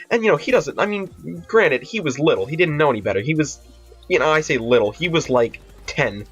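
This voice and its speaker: A teenage vlogger with a slightly high, bright, somewhat rough voice talks a little fast and expressively. He rambles through a profane storytime, constantly using fillers and restarting sentences. Faint music sits under the dull lo-fi audio.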